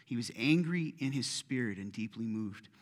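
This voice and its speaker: A man preaching a sermon, swinging from hushed asides to loud, pleading retellings. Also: medium pitch, expressive, moderate pace, long reverb tail. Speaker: pastor.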